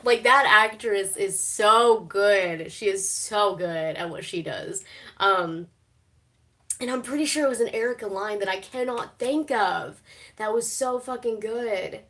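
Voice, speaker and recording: A young woman talks casually on a live stream, recorded on her phone. She laughs easily, swears without thinking about it, and fills her pauses with "um" and "like.". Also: medium pitch, sharp tone. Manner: chatty, swears freely, laughs often, many fillers. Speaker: streamer reacting to a TV show.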